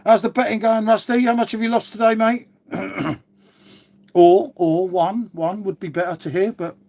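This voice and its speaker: A man's voice: sits high, fairly even intonation, moderate pace, creaky, a little mellow. A man chatting casually on a live stream, rambling and swearing now and then. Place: outdoors.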